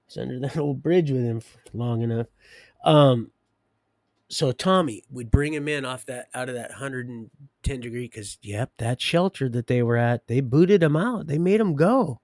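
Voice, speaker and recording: Middle-aged man, gravel in the voice, close dry mic; rambling live-stream storyteller, folksy, restarts a lot. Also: medium pitch, expressive, unhurried, a little mellow, dry recording. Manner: meandering, folksy, trails off and restarts, chuckles to himself. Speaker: livestreamer telling his life story.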